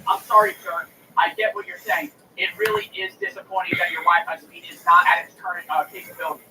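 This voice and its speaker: A man imitating a female customer service agent who repeats scripted, flat, apologetic politeness. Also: sits high, fairly quick, far from the mic, voice pushed down. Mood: scripted apology. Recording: roomy, from off the mic, faint noise.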